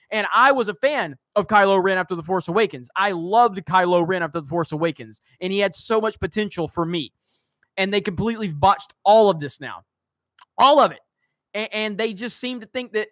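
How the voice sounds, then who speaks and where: Live-stream host, man, higher-pitched voice, dry close mic, heated ranting delivery. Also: fairly bright tone, dry recording. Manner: heated, ranting, swears at trolls. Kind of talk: live-stream commentary reading chat.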